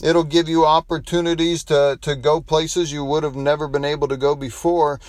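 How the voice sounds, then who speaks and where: A man's voice: on the high side, level tone, normal speed, a little mellow, dry recording. A man preaching a devotional sermon, telling a folksy story with frequent restarts and closing in prayer. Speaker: pastor.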